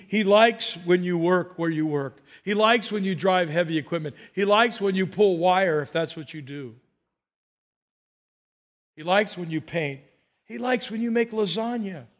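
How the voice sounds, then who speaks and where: Male pastor with a high voice, humorous storytelling sermon delivery with animated, chuckling asides.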